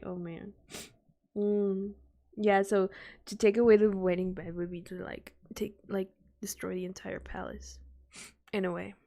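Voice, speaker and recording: A woman's voice: medium pitch, dark tone. A woman streamer reacting live and talking to her chat, gushing with emotional exclamations.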